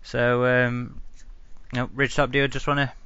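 A man's voice: medium pitch, level tone, normal speed, fairly bright tone, clean tone, dry recording, lo-fi sound. A man hosting a casual podcast chat, hesitant with many ums and restarts. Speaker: podcast host.

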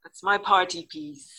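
An older woman, an actress and interview guest, telling a story in a casual, lively way and acting out the lines she quotes. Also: breathy edge, rough recording. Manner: lively, acts out quotes with big pitch jumps.

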